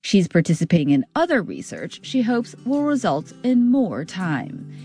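A woman radio correspondent reading a scripted news report in a measured, expressive way. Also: lowish voice, soft background music.

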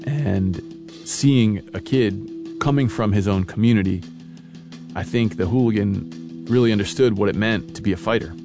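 Low gravelly man telling a story. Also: normal speed. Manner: relaxed first-person storytelling with casual fillers. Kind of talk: personal storytelling over music. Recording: guitar music behind voice.

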